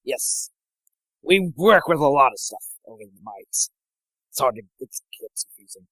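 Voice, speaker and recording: A man's voice: mid-range voice, animated, normal speed, a bit bright, no room sound, poor audio. A man voicing a boastful male dwarf mining merchant who plugs his company in a hearty salesman's manner.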